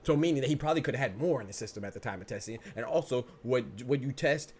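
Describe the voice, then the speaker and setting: A man hosting a casual live-stream podcast, talking fast and arguing hard in loose slang, repeating himself for emphasis. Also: medium pitch, slightly rough. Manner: animated, argumentative, repetitive, slangy. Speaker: podcast host.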